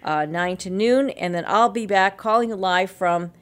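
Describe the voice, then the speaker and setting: A woman's voice: mid-range voice, a little slow, clear, resonant tone. A woman hosting a local radio show, chatting casually through event listings with lots of fillers and small laughs. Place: radio studio.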